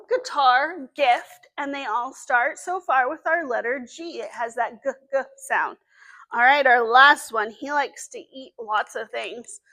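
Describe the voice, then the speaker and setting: A woman's voice: high-pitched, a bit bright. A woman with a Southern US accent leading a children's story time as librarian, with an encouraging sing-song teacher voice.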